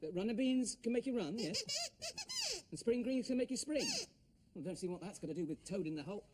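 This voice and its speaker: A man's voice: sits high, expressive, fast talker, background noise. A man presenting a children's TV show, playful and often breaking into laughter. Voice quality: playful, laughs at his own jokes. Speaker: children's TV host.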